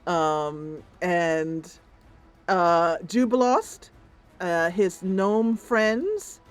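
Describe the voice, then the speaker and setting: A woman's voice: fairly low pitch, animated, very slow, clean tone. A woman narrating a voice-acted role-play of a computer game, with playful, laughing asides.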